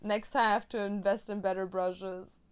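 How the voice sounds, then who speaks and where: A woman's voice: medium pitch, level tone, normal speed, smooth. A young woman whose first language is German, chatting casually and playfully while crafting on a stream.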